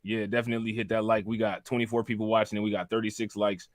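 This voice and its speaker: A man co-hosting a livestream, chatting casually in slang and shouting out the chat. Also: fairly low pitch, flat delivery, rapid-fire, no echo, clean studio sound. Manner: slangy, laughing, hypes the chat. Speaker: livestream co-host.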